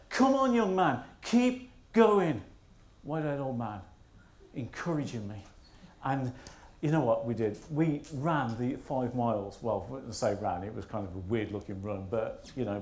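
A man's voice: medium pitch, darkish tone, roomy sound. A man, a minister telling a funny personal story in a sermon, poking fun at himself. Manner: humorous, self-mocking storyteller.

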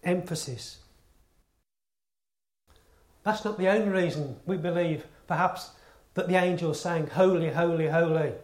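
A man delivers a sermon with a fairly high voice. He presses each point earnestly, repeating words and asking rhetorical questions. The sound carries the echo of a church. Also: measured pace, long pauses, darkish tone. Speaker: preacher. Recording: echoey room.

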